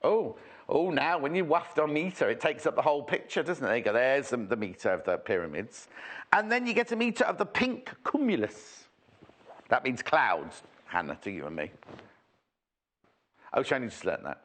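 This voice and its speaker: A man's voice: medium pitch, huge pitch swings, normal speed, a bit bright. A man presenting a TV shopping show in a chatty, rambling, jokey way, full of asides. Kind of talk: chatty live sales presentation.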